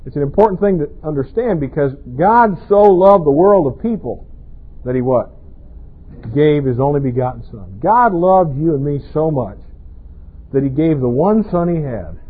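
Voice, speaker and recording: A man's voice: on the high side, lively intonation, moderate pace, slightly rough. A pastor preaching a sermon in a conversational way, often asking his congregation rhetorical questions. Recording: tinny, phone-like band-limited sound.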